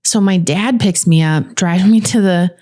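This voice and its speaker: A woman co-hosting a podcast, chatting casually and explaining things at length in a lively, talkative way. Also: on the low side, measured pace. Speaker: podcast co-host.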